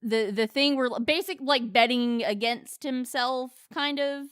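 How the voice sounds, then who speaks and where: A woman's voice: high voice, unhurried, a bit bright, smooth, no room sound, clean studio sound. A young woman co-hosting a podcast, chatting casually about a movie, with lots of fillers and restarts. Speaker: podcast co-host. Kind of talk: casual movie review chat.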